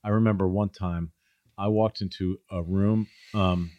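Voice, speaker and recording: A man's voice: deep voice, fairly even intonation, unhurried, mellow, smooth, no echo, dull audio. A middle-aged man, a guest in a casual conversation, telling stories and acting out the people he quotes. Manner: storytelling, acts out quoted people in a raised voice.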